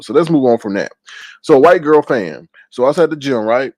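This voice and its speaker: Hosting a live stream, a fast-talking man chats casually and tells stories, reading viewer comments out loud and teasing their writers. He's animated, slipping into high, exaggerated voices whenever he quotes someone. The recording is dry, with clean studio sound.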